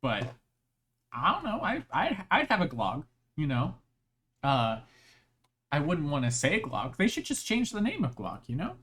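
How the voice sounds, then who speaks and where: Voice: mid-range voice, wildly swooping pitch, a bit bright. A live streamer chatting casually, rambling playfully with frequent restarts and laughter. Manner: halting, with many restarts.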